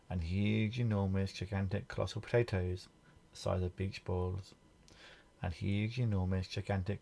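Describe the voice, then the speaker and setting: Male picture-book reader, low and gravelly, gentle, points out the pictures. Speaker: storybook reader. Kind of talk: children's picture book reading.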